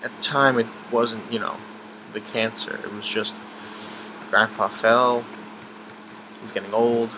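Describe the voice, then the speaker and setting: A young man telling a personal story about his grandfather in a halting, emotional way, with many restarts and fillers. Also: on the low side, flat delivery, noisy background.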